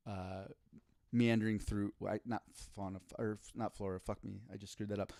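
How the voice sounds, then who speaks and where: A man co-hosting a comedy podcast, telling a profane, animated story with frequent self-corrections. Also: fairly low pitch, brisk, gravelly, no echo, studio quality. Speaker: podcast co-host.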